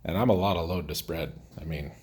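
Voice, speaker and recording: A man's voice: deep voice, fast, a little mellow, breathy edge. A man chatting casually and bluntly while he builds, drifting into stories and joking about himself. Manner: rambling and outspoken, jokes about himself. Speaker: DIY builder host.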